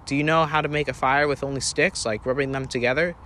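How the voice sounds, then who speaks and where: A young woman, the anxious older sister, talks in a pleading, worried way, as a man reads her part. Her voice sits at a middling pitch. A faint hiss of noise runs underneath. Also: steady tone, quick pace, sharp tone, lightly acted. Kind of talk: read-aloud story voicing.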